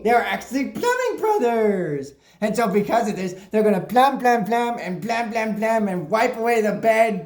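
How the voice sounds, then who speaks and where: Woman doing an excitable, crude hobo reviewer. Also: on the high side. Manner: excitable and crude, keeps tacking on "mama". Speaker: comic movie reviewer in a hobo persona. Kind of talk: rambling comic plot recap. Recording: roomy echo.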